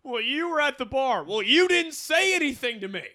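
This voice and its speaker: A man's voice: very high voice, sing-song, normal speed, bright, forceful tone. A man co-hosting a comedy podcast, talking in casual banter, ranting and acting out quoted voices. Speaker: podcast co-host.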